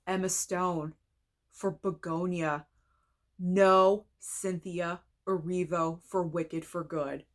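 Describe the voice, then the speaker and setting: Excitable woman reacting to film news. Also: fairly low pitch, takes it slowly. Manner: excitable, gasping and gushing; chatty, frank opinions. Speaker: film reviewer. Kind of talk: casual reaction video.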